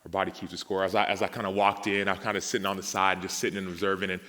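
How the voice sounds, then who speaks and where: Man, testimony talk, lowish forceful voice, long hall reverb. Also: rapid-fire. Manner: storytelling, acts out dialogue, grows emotional and animated. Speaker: speaker at a men's summit. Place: large hall with audience.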